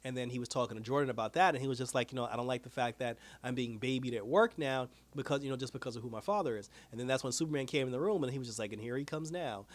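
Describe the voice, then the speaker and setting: Fast-talking man recapping a TV episode. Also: medium pitch. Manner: animated retelling with quoted voices, profanity, laughs. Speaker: TV review host. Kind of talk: casual recap and review.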